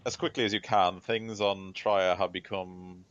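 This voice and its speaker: A man's voice: low-pitched, fairly even intonation, unhurried, lo-fi sound. A man voicing a courteous, formal seneschal serving a starship captain, in a tabletop game. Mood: polite.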